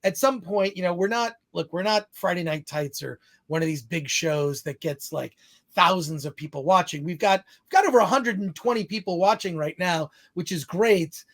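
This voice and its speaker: Guy hosting a live podcast, kinda high voice, rambly and laughy, reads out chat messages. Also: normal speed. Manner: rambling, laughing, self-deprecating. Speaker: podcast host. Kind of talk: live-stream podcast chat, reading super chats.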